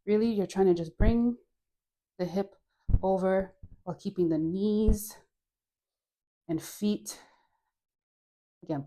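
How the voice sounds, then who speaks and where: A woman with a Caribbean accent leading a guided dance class, relaxed and playful, counting moves and sighing through deep breaths. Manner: playful, laughs at her own jokes. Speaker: dance instructor.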